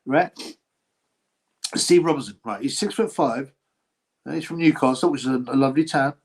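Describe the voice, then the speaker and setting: A man's voice: mid-range voice, moderate pace, breathy edge. A man hosting a casual boxing livestream, rambling, slangy and mocking, often laughing as he talks. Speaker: boxing channel host.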